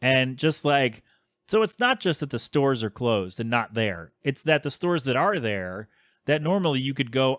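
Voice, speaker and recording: A man's voice: medium pitch, lively intonation, moderate pace, a bit bright, dry recording, clean studio sound. A man in his thirties hosting a podcast, rambling casually with plenty of fillers and grumbling asides. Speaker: podcast host.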